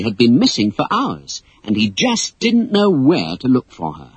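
A man reading a children's story aloud as narrator, in an expressive storybook style. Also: mid-range voice, measured pace, slightly rough, dry recording, poor audio. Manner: animated, expressive read-aloud.

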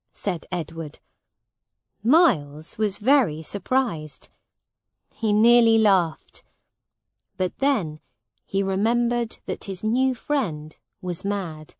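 A woman narrating a simple storybook slowly, clearly and deliberately. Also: medium pitch, lively intonation, a little mellow, dry recording. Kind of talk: slow graded-reader storybook narration.

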